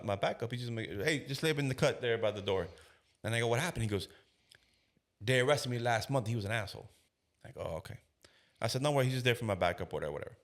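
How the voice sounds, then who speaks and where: A man in his thirties, a police officer, telling a story on a podcast in casual slang and acting out the voices of the people in it. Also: low voice. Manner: animated storyteller who acts out quoted voices.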